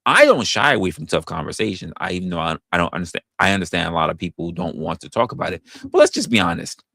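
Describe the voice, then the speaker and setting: Low gravelly guy rambling on his live stream, stumbles and restarts a lot, dry close sound. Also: fast, no room sound. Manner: rambling, stammering restarts, animated put-on quotes. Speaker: livestream host. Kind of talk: casual unscripted livestream chat.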